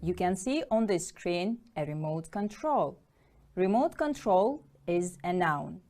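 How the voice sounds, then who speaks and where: A woman English teacher leading a vocabulary drill, pronouncing each word clearly and measuredly for pupils to repeat. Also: lowish voice, animated, takes it slowly, a little mellow.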